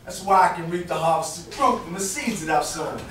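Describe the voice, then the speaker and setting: A man's voice: sits high, brisk, fairly bright tone, a little hiss or hum. A man from Boston performing rhythmic, rhyming spoken word poetry at an open mic, with dramatic emphasis. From Boston, USA. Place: performance venue with audience. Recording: echoey room, mic from far off.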